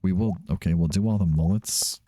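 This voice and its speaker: A man's voice: sits low, brisk, mellow. A man hosting a let's play, giving casual gameplay commentary, chatty and thinking aloud as he often corrects himself.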